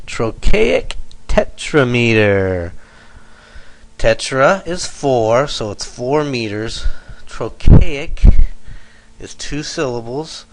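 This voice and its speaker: A man's voice: lowish voice, low-quality recording. A male teacher giving a lesson, explaining step by step and correcting himself as he goes. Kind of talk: lecture over slides.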